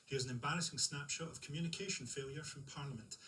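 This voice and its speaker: A man hosting a comedy show, reading scripted links with dry, deadpan delivery. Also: a little high, quick pace. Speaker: host. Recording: distant mic, faint room noise.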